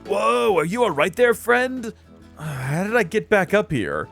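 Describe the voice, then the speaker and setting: A man narrating his video game play with lots of joking exasperation and rambling asides. His voice sits fairly high and bounces around a lot in pitch, with faint game music underneath. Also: very animated, measured pace, vocal fry, fairly bright tone. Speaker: let's play host. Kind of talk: game commentary.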